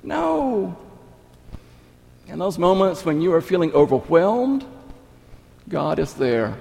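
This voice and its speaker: A man's voice: a little high, big pitch swings, measured pace, vocal fry. Emphatic male preacher in a reverberant hall. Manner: emphatic, repeats key phrases, swings loud and soft. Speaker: pastor. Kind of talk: sermon. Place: church sanctuary. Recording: long reverb of a large hall.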